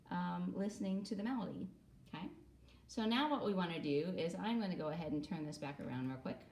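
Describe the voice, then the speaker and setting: A woman's voice: lowish voice, darkish tone, slight background noise. A woman music teacher gives a recorder lesson to children, patiently adding "okay?" after nearly every phrase.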